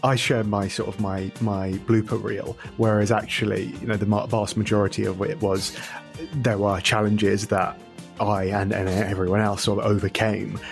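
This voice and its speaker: Playful low-voiced male podcast co-host. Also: little pitch movement, normal speed, gravelly, faint music behind. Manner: playful, restarts mid-phrase. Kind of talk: casual podcast chat.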